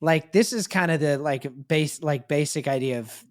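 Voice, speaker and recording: A man's voice: fairly high pitch, moderate pace. Thoughtful man explaining parenting ideas. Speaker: podcast co-host. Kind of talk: casual chat.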